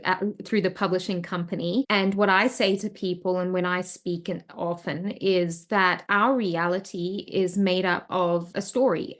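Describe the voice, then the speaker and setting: A woman's voice: on the low side, fairly bright tone. A woman hosting a podcast interview, enthusiastic and reflective. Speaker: podcast host.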